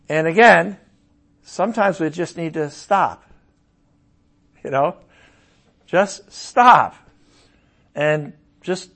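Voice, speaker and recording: A middle-aged man giving a sermon, his voice a touch higher than most men's. He talks in a loose, conversational way, then raises his voice for loud emphatic bursts. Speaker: pastor.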